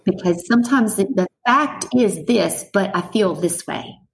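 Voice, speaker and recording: A middle-aged woman talking thoughtfully in a relaxed conversation, slowing down and showing how breathing works. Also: mid-range voice, rough recording. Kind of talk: reflective conversational chat.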